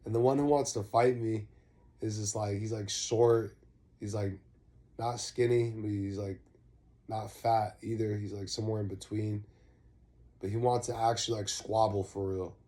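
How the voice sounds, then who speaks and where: Brief: young man, low mellow voice, slangy rambling storyteller. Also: steady tone, moderate pace. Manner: slangy, rambling, swears freely. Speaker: vlogger. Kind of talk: casual storytelling.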